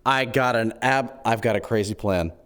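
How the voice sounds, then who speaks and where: A man streaming in-character role-play chat, excitable and scheming, cracking quick jokes. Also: fairly low pitch, clear, resonant tone.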